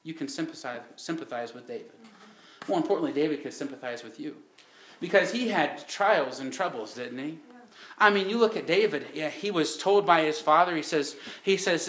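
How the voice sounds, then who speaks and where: A man's voice: a little high, brisk, fairly bright tone, roomy sound. A man preaching a sermon, telling the story in a folksy way with rhetorical questions.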